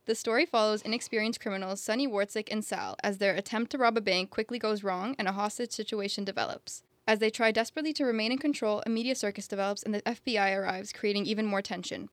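A young woman hosts a relaxed film review podcast, steering the discussion with plain enthusiasm. Her voice sits at an ordinary middle pitch. It is recorded close and dry, with no room sound. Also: quick pace, few pauses, dry recording. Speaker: podcast host. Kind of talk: casual film review chat.

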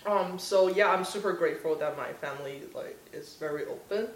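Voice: medium pitch, fairly quick. A young adult podcast guest chatting casually with lots of laughter and filler words. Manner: giggly, many filler "like"s. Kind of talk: casual interview chat. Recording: roomy, distant mic.

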